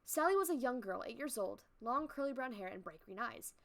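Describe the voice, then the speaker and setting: A young adult woman streamer reading a story aloud on a live stream, chatting with viewers between passages in a playful, animated way. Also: on the high side, fairly quick, vocal fry.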